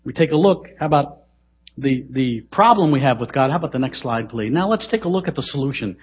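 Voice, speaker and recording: Middle-aged preacher guy, husky, goes loud then hushed, muffled church recording. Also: mid-range voice, lively intonation, quick pace. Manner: dramatic, swings between loud emphasis and hushed asides. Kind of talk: sermon. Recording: dull, lo-fi sermon recording.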